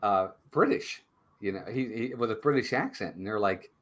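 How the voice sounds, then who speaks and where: A man co-hosting a casual live-stream movie review, retelling scenes in an animated way. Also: fairly low pitch, moderate pace.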